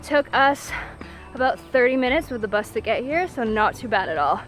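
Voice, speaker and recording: A woman's voice: a little high, expressive, normal speed, soft background music. A woman travel vlogger chatting casually while hiking an outdoor trail, laughing often. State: out of breath from hiking.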